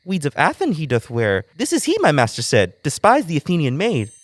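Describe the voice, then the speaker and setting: A man's voice: a little high, wildly swooping pitch, brisk, no echo. An actor playing a mischievous male sprite in a college stage play, speaking in playful rhymes. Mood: impish.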